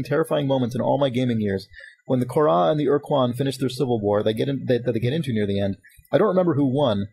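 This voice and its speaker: A man's voice: medium pitch, creaky, breathy edge, poor audio. A man hosting a casual podcast, reading listener emails aloud and chatting, laughing often. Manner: fast-talking, animated, laughs often. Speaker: podcast host.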